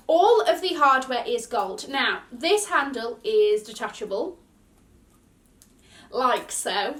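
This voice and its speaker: A young British woman giving a gushing, excitable unboxing chat as a fashion vlogger, recorded with roomy echo from a distance. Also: high voice.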